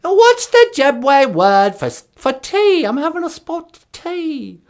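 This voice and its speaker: A very old queen rings in from heaven, played by a man in a high, wavering falsetto. Her put-on posh English accent comes out loud and prim. The voice sits far above the performer's own range. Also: big pitch swings, slow pace, exaggerated voice.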